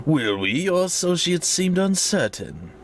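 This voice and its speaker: A man voicing a cold, menacing male telepath villain who speaks in slow, clipped threats. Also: sits high, big pitch swings, pitched above the performer's own voice, heavily acted.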